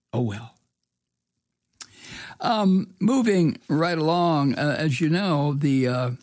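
A man's voice: mid-range voice, a little mellow, slightly rough, no echo, clean studio sound. An American man giving casual news commentary, angry and sarcastic, swearing, with many ums and uhs. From United States. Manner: angry, sarcastic, profane ranting with many fillers. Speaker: political commentator.

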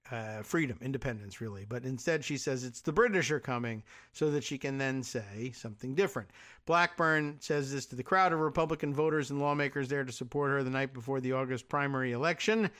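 A man's voice: medium pitch, fairly quick, a bit bright. A man hosting a radio show, giving a sardonic political commentary monologue full of rambling asides.

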